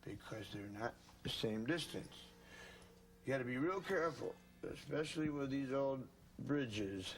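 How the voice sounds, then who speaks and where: A man's voice: medium pitch, lively intonation, measured pace. A man giving a casual, folksy guitar setup lesson, calling the viewers folks and gang. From United States. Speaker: guitar instructor. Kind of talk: casual instructional demo.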